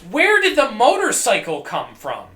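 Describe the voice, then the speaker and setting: A man streaming a video game, rambling and joking with profanity, often coughing and clearing his throat. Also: very high voice, wildly swooping pitch, a little slow, echoey room, music in the background. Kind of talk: casual gameplay commentary.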